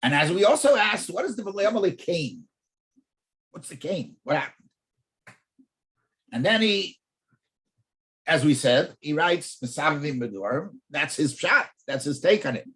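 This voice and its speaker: Rabbi giving a Talmud class, pitch leaps around a lot, stammers words while thinking. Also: male voice, measured pace, pauses often. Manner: animated, repeats words while thinking, poses rhetorical questions. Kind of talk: in-depth Torah class.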